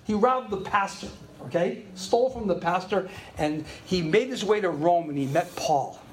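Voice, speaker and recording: An older man preaching a sermon to his congregation, telling stories with chatty asides and frequent laughs, dropping to murmurs and rising to loud exclaims. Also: normal speed, slight background noise. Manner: animated storytelling, swings from low murmurs to loud exclaims. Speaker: pastor.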